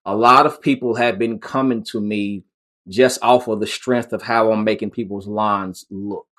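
A man's voice: fairly low pitch, steady tone, normal speed, fairly bright tone. A man in casual conversation, telling stories about his lawn care business in an easygoing way, with frequent restarts. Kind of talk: casual chat.

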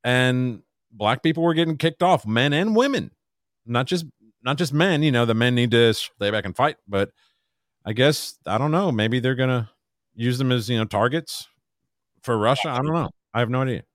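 A man's voice: medium pitch, animated, moderate pace, no room sound, studio quality. A man co-hosting a podcast, talking in a meandering, hesitant, casual way. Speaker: podcast co-host.

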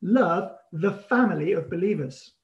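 Pastor, man, high-pitched, animated storytelling sermon delivery. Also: dull audio. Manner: animated, storytelling with emphatic pauses.

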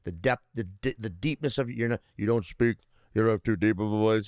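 A man's voice: fairly low pitch, fast, darkish tone, no room sound, studio quality. A man talking casually, rambling and joking with lots of fillers, restarts and swearing. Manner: rambling, searching for words with many fillers and restarts; profane, joking. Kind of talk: casual conversation.

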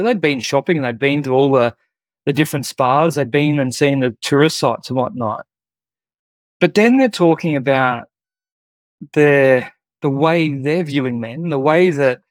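A man's voice: medium pitch, no echo. A man, a guest earnestly telling a personal story in a conversational way with many fillers. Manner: earnest, heartfelt, with frequent fillers.

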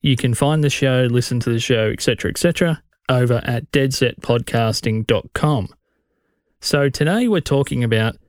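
An Australian man hosting his own podcast, talking bluntly and casually. His voice sits at a middle pitch. It is recorded dry and close to the mic, with no room sound. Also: no echo. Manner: blunt, conversational, opinionated. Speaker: podcast host. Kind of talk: solo podcast advice.

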